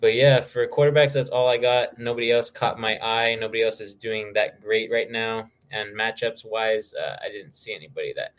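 A man's voice: fairly low pitch, steady tone, moderate pace, hardly any pauses. A man co-hosting a podcast, casually talking through player stats with plenty of filler uhs. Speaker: podcast co-host. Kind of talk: casual fantasy football chat.

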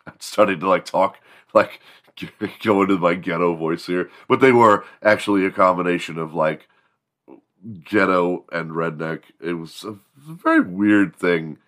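A man's voice: sits low, unhurried, fairly bright tone. A man hosting a morning show, telling rambling, profane comedic stories. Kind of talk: comedic storytelling.

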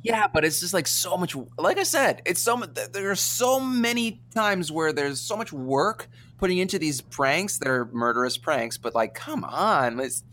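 Bright-voiced man in his thirties, ranting. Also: high-pitched, normal speed, few pauses, slight background noise. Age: 30s. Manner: animated, profane, stumbling restarts. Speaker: podcast co-host. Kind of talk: casual movie review chat.

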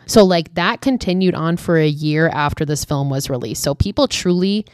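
A woman's voice: low voice, moderate pace, no echo, studio quality. A young woman casually recapping a horror film, chatty and swearing often, with lots of "like". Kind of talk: casual chat.

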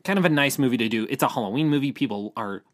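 A man's voice: medium pitch, racing. Give me a rambling, filler-heavy male podcast co-host. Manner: rambling with many fillers and restarts. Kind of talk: casual chat.

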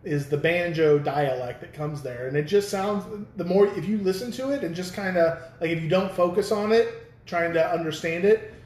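A man's voice: high-pitched, moderate pace, a little mellow, roomy sound, slight background noise. A man with a Missouri accent co-hosting a podcast at home, chatting casually and playfully with lots of restarts. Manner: playful, joking, many restarts. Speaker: podcast co-host. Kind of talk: casual chat. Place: room at home with a dog.

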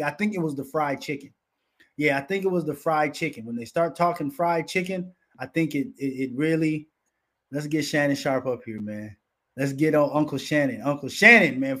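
A man's voice: a little high, fairly bright tone. A man hosting a profane, casual commentary show, rowdy and swearing constantly as he riffs on clips.

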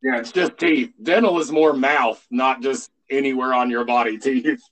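A man co-hosting a podcast in casual chat, playful and jokey with loud exclamations. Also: medium pitch, fairly even intonation, normal speed, poor audio. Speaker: podcast co-host.

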